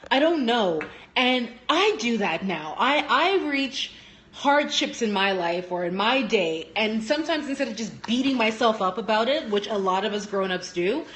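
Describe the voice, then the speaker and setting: A young woman who works as a teacher, talking casually on a phone live stream at home, telling lively stories and acting out what people said. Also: moderate pace, slight background noise. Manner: animated storytelling, acting out quotes with big pitch jumps.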